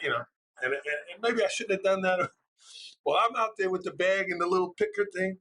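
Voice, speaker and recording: Middle-aged New educator; loud, passionate storyteller, slightly high, bright tone. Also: male voice, a little fast, a little hiss or hum. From New York. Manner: passionate, loud, storytelling with animated quoted voices. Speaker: school administrator, guest. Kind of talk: conversational interview.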